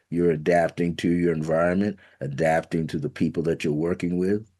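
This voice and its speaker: A man giving a motivational spiritual teaching talk. He speaks conversationally, chuckles now and then, and slows down to stress key words and affirmations. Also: deep voice, dark tone.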